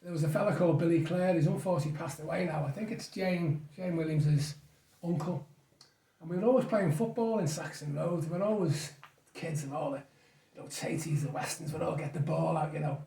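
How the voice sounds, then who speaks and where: A man's voice: on the high side, fairly quick, creaky, dark tone, distant mic. A man, a guest reminiscing in rambling, chuckling stories. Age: 60s. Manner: rambling storyteller, chuckles often. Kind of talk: casual reminiscing chat. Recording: echoey room, off mic.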